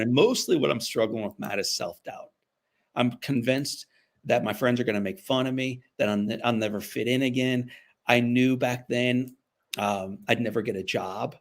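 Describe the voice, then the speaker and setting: A man who is a guest motivational speaker, telling a personal story in an interview in an earnest way, repeating phrases for emphasis. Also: mid-range voice.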